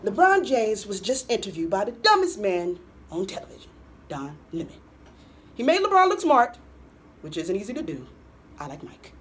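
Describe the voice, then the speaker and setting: A woman's voice: mid-range voice, big pitch swings, normal speed, slightly rough, pitched above the performer's own voice. A woman doing a mocking impression of a boastful, insulting older male president.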